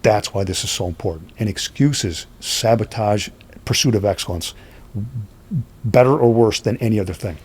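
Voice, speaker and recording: Husky-voiced man telling stories. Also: on the low side, moderate pace. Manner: lively, acts out quoted speech. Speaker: guest. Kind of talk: animated storytelling.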